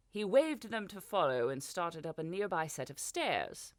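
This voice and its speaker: A woman's voice: lowish voice, sing-song, unhurried, hardly any pauses, no room sound, studio quality. A woman reading a fantasy audiobook as narrator, giving the characters small voice shifts. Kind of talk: scripted narration.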